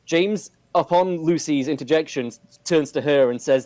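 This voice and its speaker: Dry-sounding man reading a recap haltingly. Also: on the high side, dry recording. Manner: halting, lots of "uh", reads quotes flatly. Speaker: podcast co-host recapping a show. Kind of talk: casual chat, reading out dialogue.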